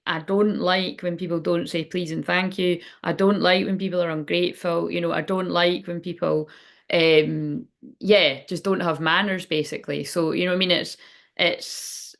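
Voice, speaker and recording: A woman's voice: on the low side, fairly even intonation, normal speed, gravelly. A middle-aged woman giving a casual tarot reading, rambling and frank, swearing freely. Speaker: tarot reader. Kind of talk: casual spiritual reading chat.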